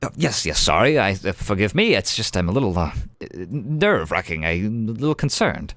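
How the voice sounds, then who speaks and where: A man's voice: very animated, a bit bright, no room sound, clean studio sound. A man putting on a flustered, stammering young jeweler. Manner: fussy, stammering, high and rushed. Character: flustered young male jeweler, nervous brother.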